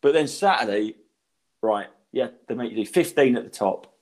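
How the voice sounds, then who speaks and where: Lively man telling comedy stories. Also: medium pitch, normal speed. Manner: animated storyteller acting out voices, swearing freely. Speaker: podcast co-host, stand-up comedian. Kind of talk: casual chat, storytelling.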